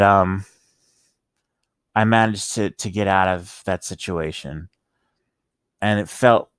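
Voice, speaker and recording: A man with slurred speech from medication tells an emotional personal story in a halting, rambling way, full of restarts and pauses. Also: on the low side, smooth, no echo, studio quality. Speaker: vlogger telling his life story.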